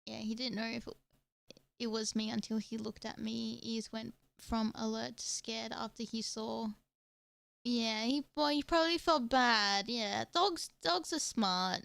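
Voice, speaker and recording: High, bright-voiced Australian woman streamer. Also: unhurried, gravelly, dry recording. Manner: excitable, swears, shrieks when frightened. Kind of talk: casual gaming commentary.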